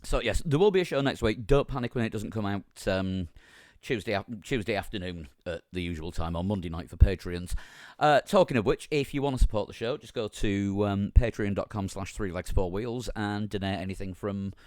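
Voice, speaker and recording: A man hosting a casual podcast with a croaky, strained voice, joking and laughing often between his ums. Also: on the low side, a little fast, darkish tone, no echo, studio quality. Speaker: podcast host.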